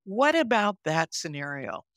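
A woman's voice: medium pitch, measured pace, no room sound, clean studio sound. A woman in her sixties or older, a psychotherapist, speaking earnestly and telling stories in a podcast interview. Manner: earnest, animated storytelling. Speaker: guest psychotherapist.

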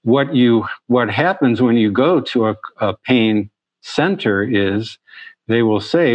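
A man, speaking at a middle pitch, tells stories to an audience the way a physician would in a lecture. He is earnest and often restarts his phrases. The recording sounds a little dull and lo-fi. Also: animated, slow, dry recording. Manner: storytelling, earnest, with frequent restarts. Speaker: pain medicine physician. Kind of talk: presentation.

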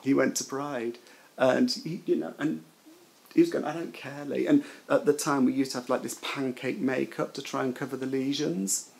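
A British man telling a personal memory in an animated way, acting out what others said. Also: mid-range voice, moderate pace, vocal fry, poor audio. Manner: animated storytelling, acts out quotes. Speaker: interviewee. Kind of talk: personal recollection.

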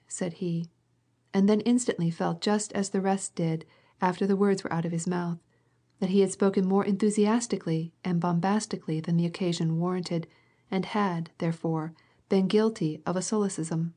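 A woman reads a classic novel aloud in a low, measured voice. Her storytelling is steady and even, made for listening practice. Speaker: audiobook reader. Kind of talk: scripted narration.

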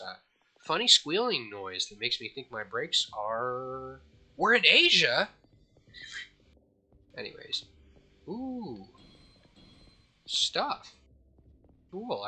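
A gaming channel host gives casual, jokey let's-play commentary from home, mocking himself. He's slightly out of breath and lets out sudden high yelps. His tone is bright and forceful.

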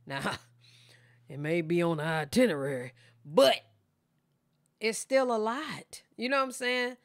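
A woman's voice: medium pitch, unhurried, no echo, clean studio sound. A woman hosting a reaction video, chatting casually with slang and frequent laughs, talking straight to her viewers and sounding tired from filming late at night. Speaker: reaction channel host.

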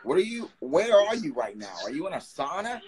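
A man's voice: fairly high pitch, very animated, a crowd in the background. Teasing young man on a phone live stream. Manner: teasing, quick banter. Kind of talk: casual live video chat.

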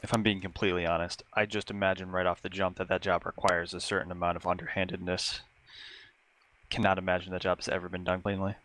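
A man playing a team shooter game, making dry, measured remarks in casual chat on a headset. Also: sits low, flat delivery, fairly bright tone, slight background noise. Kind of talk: casual chat during gameplay.

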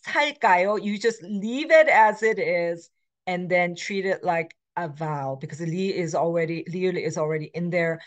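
A middle-aged woman language instructor with a voice on the low side gives a recorded lecture at normal speed, explaining grammar patterns with many fillers and self-corrections. Between explanations she reads example words aloud, switching between English and Korean examples.

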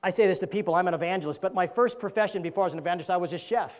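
A man, an evangelist preacher, delivering a sermon in a church and telling a joke with animated character voices. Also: high voice, very fast.

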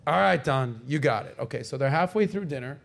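Gravelly animated male podcast host. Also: mid-range voice, brisk. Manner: animated storyteller, acts out quoted voices. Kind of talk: casual chat.

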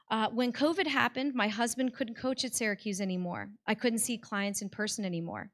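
A woman's voice: mid-range voice, moderate pace, few pauses, a bit bright. An American woman telling a personal story on stage before a live audience, in a heartfelt conversational way with many "like" fillers.

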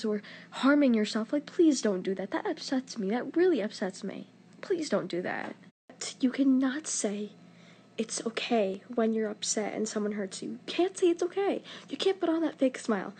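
A woman's voice: on the high side, warm tone. A young woman giving an earnest, rambling, impassioned monologue into her phone, swearing often. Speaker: social media poster.

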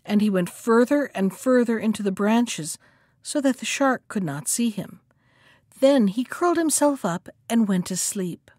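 Higher-voiced woman reading a folktale. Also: expressive, unhurried, darkish tone, no room sound, clean studio sound. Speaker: library storyteller. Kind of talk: storybook read-aloud narration.

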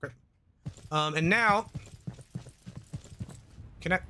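A man's voice: on the high side, normal speed, pauses often, noisy background. A man streaming a game, rambling and joking in casual commentary while reading chat aloud. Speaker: gaming streamer.

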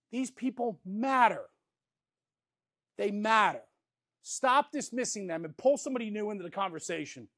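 A man's voice: high-pitched, expressive, moderate pace, pauses often, a bit bright, no echo, clean studio sound. A man in his forties giving a passionate, blunt, sometimes profane motivational talk to firefighters. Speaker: fire service presenter.

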